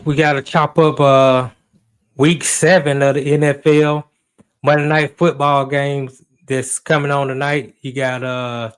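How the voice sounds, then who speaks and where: A man co-hosting a podcast on sports, laid-back and casual, filling pauses with "uh". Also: fairly high pitch, clear, resonant tone. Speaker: sports co-host.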